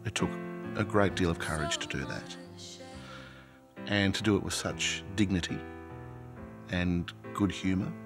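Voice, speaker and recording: A man commenting in an interview, thoughtful and measured. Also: fairly low pitch.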